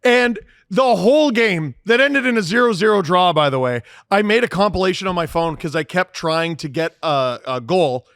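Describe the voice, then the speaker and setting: A man's voice: high voice, moderate pace, hardly any pauses, a bit bright, no room sound. A man telling stories and joking as co-host of a sports podcast, swearing freely. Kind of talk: casual sports podcast banter.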